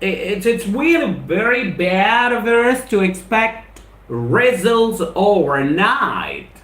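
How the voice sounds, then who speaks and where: A man's voice: sits high, very animated, takes it slowly, fairly bright tone, reverberant. A man with an Indian English accent runs a live spoken English lesson, repeating his points with emphasis and greeting viewers by name. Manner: repetitive, emphatic motivational delivery.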